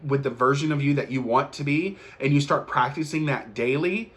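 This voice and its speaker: Speaking at normal speed in a mid-range, fairly bright voice, a young podcast host offers an earnest motivational monologue, emphatic throughout and echoing key phrases for impact.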